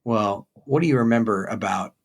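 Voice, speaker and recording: A man's voice: fairly low pitch, normal speed. A man co-hosting a podcast who mostly gives brief, supportive responses in casual chat. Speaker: podcast co-host.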